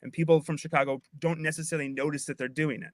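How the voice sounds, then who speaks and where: Guy linguist chatting on a call, kinda high voice, walks through stuff step by step, dry sound. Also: steady tone, fast, dry recording. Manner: patient, explains step by step, playful asides. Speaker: linguist guest. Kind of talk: casual explanatory chat.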